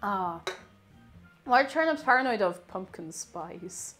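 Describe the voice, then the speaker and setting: A woman's voice: medium pitch, normal speed, fairly bright tone, soft background music. A young woman from Ireland chatting casually on a live stream, reading chat aloud and giggling often as she bakes.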